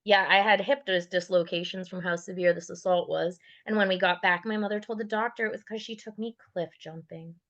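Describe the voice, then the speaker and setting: A woman's voice: on the low side, steady tone, fairly quick, hardly any pauses, a bit bright, lo-fi sound. A woman giving a candid personal testimony in a raw, blunt and profane way, with bitter sarcasm. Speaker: guest sharing her survivor story.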